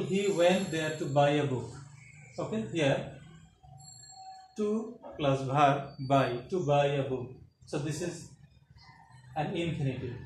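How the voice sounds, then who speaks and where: A man's voice: on the high side, darkish tone. Man teaching grammar in an echoey room. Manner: explains step by step, repeats "okay" and rhetorical questions. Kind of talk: classroom grammar lesson. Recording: echoey room with faint ambient noise.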